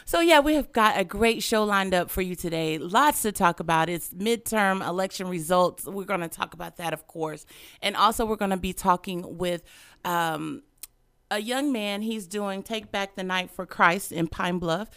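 A woman hosts a radio show, chatting playfully and breaking into laughter. Her voice is smooth and resonant. It sounds close and dry, as if spoken into a studio mic. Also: mid-range voice, normal speed, a bit bright, dry recording. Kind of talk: casual radio chat.

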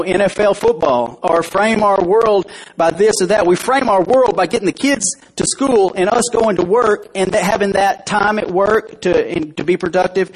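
Husky high-voiced male pastor preaching. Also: rough recording. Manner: conversational preaching with questions to the congregation. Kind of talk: sermon. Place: church.

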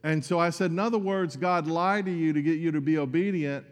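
A man's voice: a little high, brisk, in a large hall. A man preaching a sermon as pastor, earnest and conversational, with asides to his congregation.

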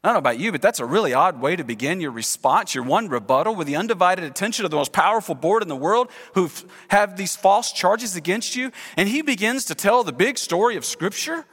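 High-voiced animated male pastor preaching. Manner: animated, acts out quoted speech, leads congregation in call-and-response. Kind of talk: sermon. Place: church sanctuary. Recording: long hall reverb in church.

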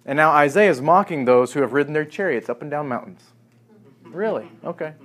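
A man's voice: fairly high pitch, animated, fairly quick, fairly bright tone. A man preaching a sermon, reading scripture and acting out the quoted speech with rising emphasis and sarcasm.

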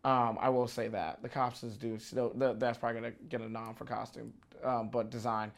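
A man's voice: mid-range voice, little pitch movement, brisk, vocal fry. A man, a film critic, giving emphatic, opinionated takes in a casual podcast chat, often restarting his sentences.

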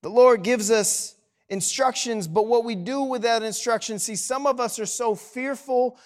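High-voiced man preaching with passion. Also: moderate pace. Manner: impassioned preaching, swings between hushed and loud; rhetorical questions to the congregation. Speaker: pastor. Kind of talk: sermon.

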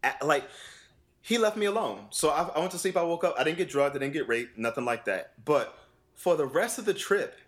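A vocal coach in casual conversation, telling a story with lots of acted-out dialogue, laughing often and swearing casually. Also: male voice, a little high, brisk. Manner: animated, acts out quoted dialogue with voice shifts.

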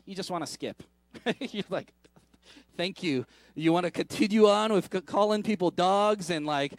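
A man preaching a sermon in a casual, conversational way, with many asides, restarts and quick questions to the congregation. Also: high voice, no echo. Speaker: pastor.

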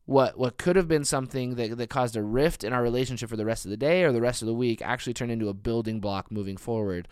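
Male pastor, 30s, sermon delivery; smooth resonant voice, emphatic rises and soft drops. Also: medium pitch, quick pace, hardly any pauses, no echo, clean studio sound. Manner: earnest, builds to emphatic peaks then drops soft.

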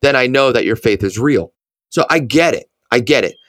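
An earnest man co-hosting a ministry show, working through scripture in a conversational way. His voice sits at a middle pitch for a man. The sound is dry and close, with no room echo. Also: animated, moderate pace, fairly bright tone. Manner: earnest, many restarts. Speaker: ministry podcast co-host. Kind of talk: conversational Bible teaching.

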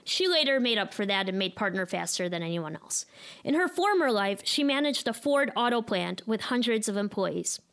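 A woman's voice: mid-range voice, animated, normal speed, a bit bright. A woman in her thirties with a Chicago accent, telling a personal story live in a candid, self-deprecating, wry way. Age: 30s.

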